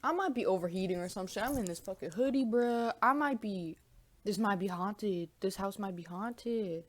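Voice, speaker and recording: A young woman with a medium-pitched voice chats at a normal speed in a home mukbang vlog. She eats as she talks, rambling profanely in animated banter.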